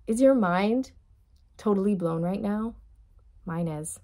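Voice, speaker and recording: A woman's voice: medium pitch, takes it slowly, long pauses, mellow. A woman giving a casual tarot reading, chatty and addressing viewers directly, often breaking into giggles. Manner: giggly, bursts into laughter. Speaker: tarot reader.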